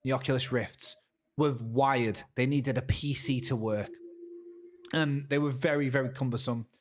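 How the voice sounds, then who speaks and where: A man co-hosting a podcast, talking in an excitable, stammering casual way. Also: medium pitch, normal speed. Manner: animated, excitable storytelling with stammers. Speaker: podcast co-host. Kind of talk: casual chat.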